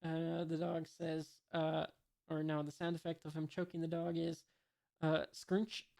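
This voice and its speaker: A woman reading a comic aloud in a casual way. She pauses often on filler sounds, reads out the sound effects and describes each panel. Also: sits low, level tone, gravelly, darkish tone. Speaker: reader of a comic. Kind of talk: casual comic read-along.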